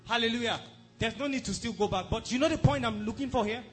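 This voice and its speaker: A pastor with a strikingly high voice preaches a sermon at quick pace, emphatic throughout. He repeatedly asks the congregation if they're following him, while soft music plays quietly behind.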